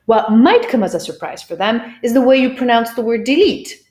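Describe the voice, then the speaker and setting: A woman teaching English pronunciation, explaining clearly and drilling words by repeating them. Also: fairly high pitch, animated, normal speed, darkish tone. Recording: roomy echo.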